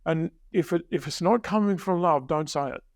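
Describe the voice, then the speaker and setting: Deliberate older man, dry sound. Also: a little high, no room sound. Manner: deliberate, emphatic teacherly delivery with slowed key phrases. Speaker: success coach guest. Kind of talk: podcast interview storytelling.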